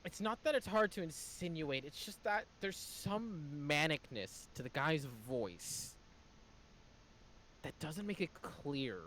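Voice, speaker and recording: A man working as game master, narrating a tabletop game with quick, descriptive lines. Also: fairly high pitch, lively intonation, a bit bright, slight background noise.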